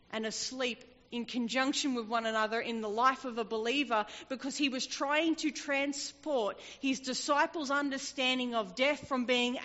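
A woman preaching a sermon, telling a scripture story with lively acted-out voices. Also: high-pitched. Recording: dull, echoey hall.

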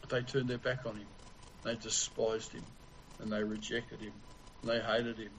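A man preaching a sermon in a slow, deliberate way with long pauses. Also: on the low side, level tone, fairly bright tone, slight background noise, rough recording.

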